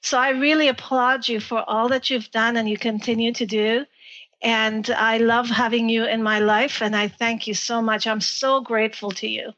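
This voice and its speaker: A woman doctor, a guest on a talk radio interview, speaks in a reflective, unhurried way. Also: fairly high pitch, steady tone, fairly bright tone. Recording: muffled radio broadcast.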